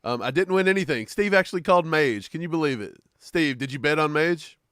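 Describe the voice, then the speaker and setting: A man's voice: a little high, expressive, a little fast, fairly bright tone, dry recording, studio quality. A man co-hosting a sports podcast, chatting casually and joking in laid-back banter. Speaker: podcast co-host. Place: Kentucky.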